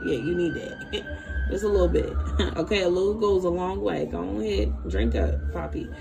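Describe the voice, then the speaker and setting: Female tarot reader, gravelly voice, lively slangy delivery with frequent laughs and repeated phrases. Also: mid-range voice, moderate pace, music in the background. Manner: animated, slangy, laughs often, repeats herself. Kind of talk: live tarot reading stream.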